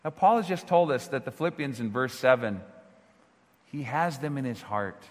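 A man preaching a sermon as pastor, earnest and full of rhetorical questions, moving from hushed tones to near-shouting. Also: mid-range voice, animated, normal speed. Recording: long hall reverb.

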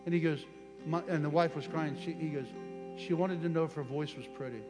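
A man leads a healing service with fervent, commanding prayer. His voice sits a little high for a man and rings through a large hall with a long echo. Music plays clearly behind him. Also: steady tone, brisk. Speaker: preacher leading a healing service. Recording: reverberant church hall with music. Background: live music.

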